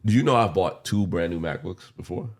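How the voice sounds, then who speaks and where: A man's voice: low voice, expressive, fairly quick. A man in his forties co-hosting a podcast, talking candidly and rambling with slang and the odd curse. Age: 40s. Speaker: podcast co-host. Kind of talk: casual chat.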